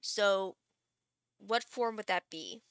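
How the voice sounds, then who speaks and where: A woman's voice: mid-range voice, slow, clean tone, no room sound, clean studio sound. A woman streaming live, chatting casually and thinking aloud while she builds a game character, gushing and laughing.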